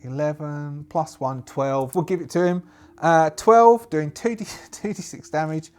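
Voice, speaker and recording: A man's voice: a little high, measured pace, a little mellow, smooth. A man narrating a solo tabletop game, chatty and rambling, laughing to himself. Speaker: game master.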